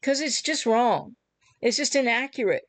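A woman's voice: on the high side, animated, normal speed, no room sound. A woman coaching on relationship recovery, talking emphatically to viewers and acting out the listener's reactions. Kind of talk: explanatory talk to viewers.

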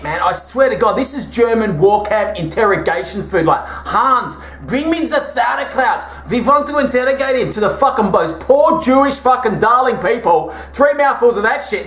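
A man's voice: sits high, fairly bright tone. A man with an Australian accent hosting a crude comedic cooking show, brash and swearing constantly as he cooks in a home kitchen. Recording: echoey room with faint noise.

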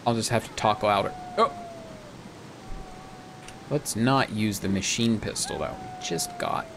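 A man streaming a game, rambling chattily about it and now and then jumping into squeaky joke voices. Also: a little slow, background noise. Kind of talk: casual gameplay commentary.

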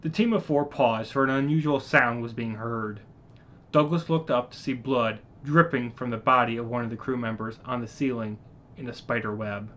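A man reading his own science-fiction story aloud in a halting way, stopping to apologize and correct his slips. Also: medium pitch, fairly bright tone. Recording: muffled lo-fi recording.

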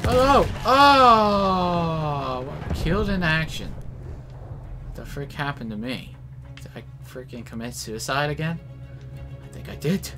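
A man giving live commentary while playing a shooter game, excitable, yelling at enemies and trading mild minced oaths. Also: on the high side, takes it slowly, over music. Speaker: gameplay commentator. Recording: game noise clearly behind voice.

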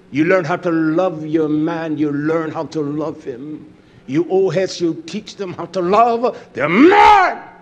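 A man preaching a sermon, swinging from fiery shouting down to low muttered asides. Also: slight background noise.

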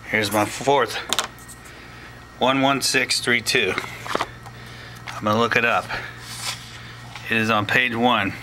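A man walks through a tutorial step by step at an unhurried, deliberate pace. His voice sits in an ordinary middle pitch. A steady noisy hiss runs under the recording. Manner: slow, plain explaining with asides. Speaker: teacher.

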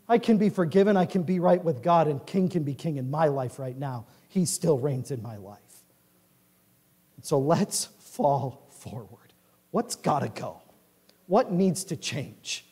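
A male pastor preaching a sermon in a church, swinging from quiet asides to loud declarations. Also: fairly high pitch, animated, a little slow, breathy edge, long reverb tail. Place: large church sanctuary.

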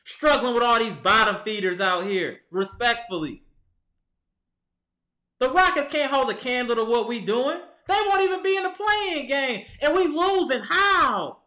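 Exasperated, high-voiced man ranting at his team. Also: animated, measured pace, bright, forceful tone, roomy sound. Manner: exasperated, heated, talks straight to the team. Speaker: sports vlogger. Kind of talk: ranting fan commentary. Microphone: camera mic.

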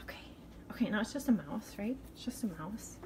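A vlogger speaks to viewers in a casual live video from her home kitchen, sounding frightened, shaky and panicky as she exclaims. Her medium-pitched voice is a little mellow with lively intonation, she talks fairly quickly, and there's slight background noise.

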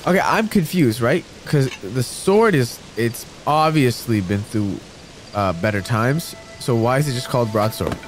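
A man's voice: mid-range voice, animated, measured pace. A man giving casual, goofy let's-play commentary, mocking himself and talking to the game characters. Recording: game music behind voice.

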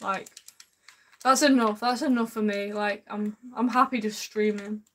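A woman's voice: mid-range voice, fairly even intonation, measured pace, a bit bright. A woman streaming gameplay live, chatting with viewers in an upbeat way and calling them man and bro. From United Kingdom.

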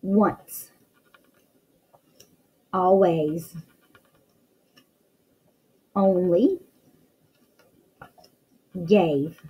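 A woman's voice: on the low side, very slow, pauses often, slightly rough, muffled recording. A woman teacher reading a picture book aloud to young children, full of exclamations and questions to the listener.

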